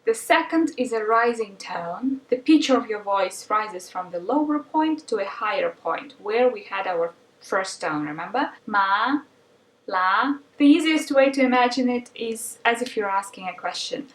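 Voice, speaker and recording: Female language teacher, patient and clear, slightly high voice, roomy echo. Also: lively intonation, moderate pace, hardly any pauses, distant mic. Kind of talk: explanatory lesson narration.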